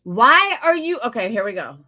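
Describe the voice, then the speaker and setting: A woman's voice: a little high, very animated, normal speed, sharp tone. A woman hosting a livestream, talking back in a blunt, sarcastic and profane way. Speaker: livestream host. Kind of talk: casual livestream commentary.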